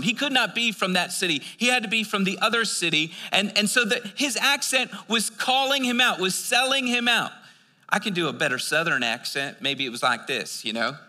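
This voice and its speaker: A man's voice: extremely high pitch, pushed and bright, big-room sound. An American man preaching a sermon, reading scripture and breaking into casual, chatty explanations. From United States. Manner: reads scripture then explains it in casual asides; conversational, with filler words and restarts.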